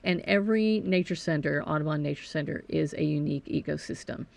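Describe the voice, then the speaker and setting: A woman who directs a nature center, answering questions in a casual interview as an animated, informative storyteller. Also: low-pitched, fairly quick, creaky, no room sound.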